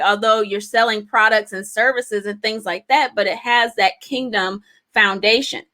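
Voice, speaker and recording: A middle-aged woman leads a live business lesson in a bright, fairly high voice. She talks to her viewers in an encouraging, chatty way, laughs lightly between points, and drives ideas home with repetition and rhetorical questions. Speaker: business coach.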